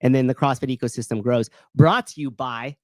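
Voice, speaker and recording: Male streamer-host, casual chatty rambler, average pitch, dead-dry room. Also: steady tone, brisk, darkish tone, no room sound. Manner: rambling, self-interrupting, reads live chat. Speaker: show host. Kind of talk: casual livestream chat. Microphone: desk mic.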